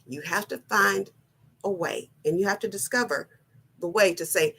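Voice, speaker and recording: A middle-aged woman giving a personal motivational talk, slow, earnest and deliberate, often repeating her phrasing. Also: mid-range voice, sharp tone, husky. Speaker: wellness vlogger.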